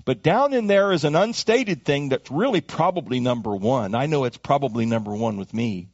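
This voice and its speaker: A man preaching a sermon as pastor, swinging from high emphatic calls down to low hushed asides. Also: animated, moderate pace, hardly any pauses, no room sound, lo-fi sound.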